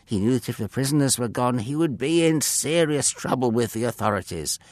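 A man narrating a children's Bible story in an expressive way, sometimes speaking to the listener directly. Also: mid-range voice, brisk, no echo. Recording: dry close mic with faint music.

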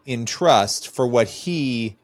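Guy interviewing someone, gentle short questions, dry close sound. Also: medium pitch, expressive, takes it slowly, no room sound.

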